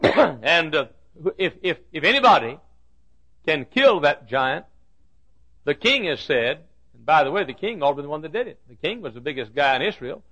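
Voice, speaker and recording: A man preaching a sermon, telling a Bible story with dramatic swings from loud declarations to hushed asides. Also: fairly high pitch, big pitch swings, moderate pace, long pauses. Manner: acts out the Bible characters' lines.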